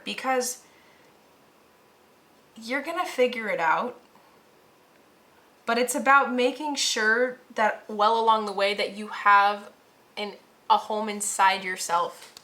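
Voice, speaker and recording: Bright-voiced woman giving an earnest tarot reading. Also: a little high. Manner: casual, earnest, slangy and emphatic. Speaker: tarot reader. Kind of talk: pick-a-pile tarot reading to viewers.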